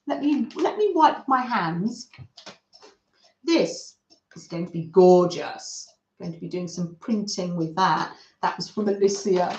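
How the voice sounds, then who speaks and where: A slow, lively-pitched woman hosting a craft livestream, gushing over everything and reading viewers' messages aloud. The room is echoey and the sound a little dull. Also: a little hiss or hum. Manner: gushing, warm-hearted, reads chat aloud. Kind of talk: chatty livestream talk to viewers. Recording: roomy, slightly dull sound.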